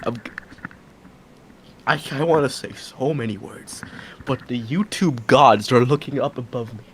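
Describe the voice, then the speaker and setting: A man's voice: mid-range voice, a little slow, a bit bright, slight background noise. A man co-hosting a livestream, bantering casually and swearing in sudden outbursts. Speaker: stream co-host.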